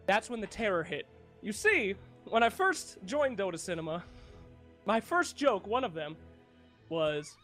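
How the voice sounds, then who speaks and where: Animated young man telling a story. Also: normal speed, soft background music. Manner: animated, swearing, bursts into high excited quotes. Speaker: gaming video host. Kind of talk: casual storytelling.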